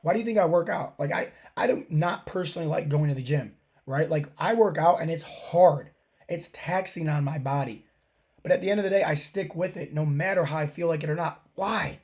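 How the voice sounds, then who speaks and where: Man, 30s, podcast host and fat loss coach with a slightly high, hoarse, scratchy voice, emphatic and preachy. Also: brisk, a little mellow. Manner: emphatic, preachy, repeats phrases. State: hoarse, sore throat. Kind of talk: motivational monologue.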